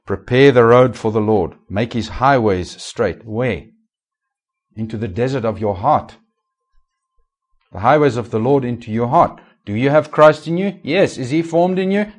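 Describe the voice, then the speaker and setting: A man preaching a sermon as pastor, asking the congregation rhetorical questions and swinging between raised and hushed delivery. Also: on the low side.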